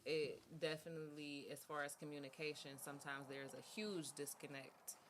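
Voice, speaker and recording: A woman's voice: deep voice, fairly even intonation, moderate pace, background noise. A woman guest on a casual podcast chat, explaining her view thoughtfully and at length.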